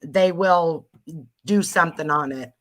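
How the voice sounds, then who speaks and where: Chatty low-voiced woman host. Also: a little slow. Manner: chatty, exclaiming, trailing off. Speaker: livestream host. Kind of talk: casual livestream chat.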